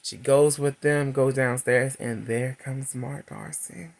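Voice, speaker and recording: A man in his thirties giving a chatty, laughing movie recap and review, acting out characters' lines in a high voice. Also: fairly even intonation, slow, creaky.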